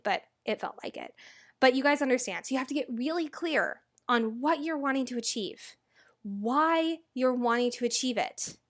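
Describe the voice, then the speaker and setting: A woman's voice: fairly high pitch, fairly bright tone. A young woman hosting her own podcast, talking earnestly and chattily with lots of casual asides. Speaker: podcast host. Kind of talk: motivational podcast monologue.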